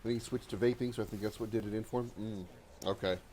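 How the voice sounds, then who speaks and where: A gaming livestreamer in his thirties chats casually with viewers as he plays, joking, swearing, reading chat aloud, and using frequent fillers. His voice sits on the low side, steady and a little mellow, with a quick pace. There's slight background noise.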